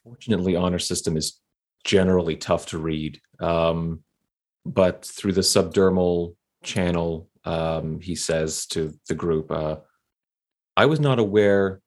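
A tabletop game player who speaks in a slow, measured way. The voice is very deep. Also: level tone, a little mellow.

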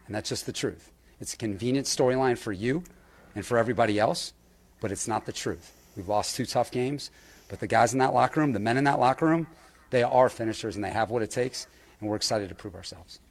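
A man's voice: mid-range voice, fairly quick. A man who coaches a football team, answering press questions firmly and defensively, repeating his points. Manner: firm, defensive, repeats himself.

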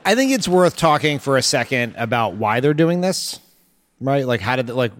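A man co-hosting a live political podcast, explaining strategy in a quick, analytical way. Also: medium pitch, big pitch swings, long reverb tail. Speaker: podcast co-host. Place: live stage before an audience.

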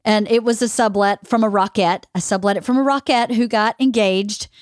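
A woman's voice: medium pitch, steady tone, moderate pace, no echo, studio quality. A middle-aged woman hosting a podcast, talking casually and reacting often to her guest. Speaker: podcast host. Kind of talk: casual chat.

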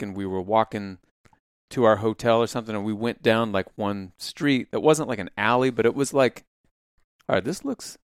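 A man in his late thirties with a smooth, somewhat low voice chats easily on a podcast, slipping in quick jokes. The recording is dry and close. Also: dry recording. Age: 30s. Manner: relaxed, jokey, short reactions. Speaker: podcast co-host. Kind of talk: casual chat.

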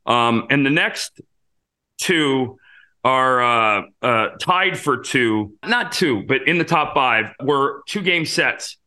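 Bright-voiced man telling stories. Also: medium pitch, animated, slow. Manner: rambling, with many fillers and restarts. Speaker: podcast host and former pitcher. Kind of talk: casual storytelling monologue.

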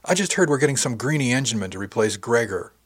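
A man's voice: mid-range voice, lively intonation, fast talker, husky. A man voicing a blunt, fiery young woman on a ship's engine crew who presses hard and swears. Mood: pushy.

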